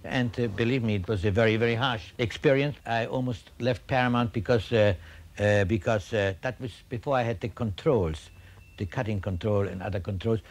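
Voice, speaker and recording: Older male filmmaker, halting wry anecdote teller, interview setting. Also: on the low side. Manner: halting, full of uh and restarts; wry storyteller. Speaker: film director.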